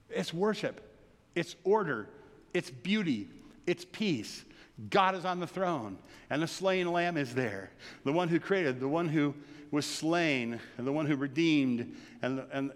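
A man preaching a sermon in a church, telling the story with animated energy and laughter. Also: on the high side. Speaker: pastor. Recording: long reverb of a large hall.

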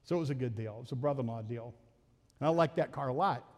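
A man's voice: mid-range voice, fast talker, darkish tone. A middle-aged man, a pastor, telling a family story in a folksy sermon and acting out the voices. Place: church sanctuary. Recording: reverberant church hall with faint music.

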